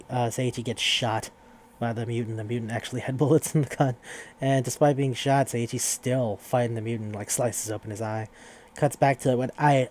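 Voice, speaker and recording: Mellow-voiced man rambling through a recap. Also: mid-range voice, slight background noise. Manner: rambling and profane, with frequent restarts. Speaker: podcast host. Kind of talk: casual recap of a horror manga.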